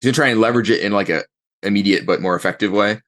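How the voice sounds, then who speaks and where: A man's voice: lowish voice, rapid-fire, fairly bright tone. A man narrating as game master, rambling and thinking aloud as he describes the scene.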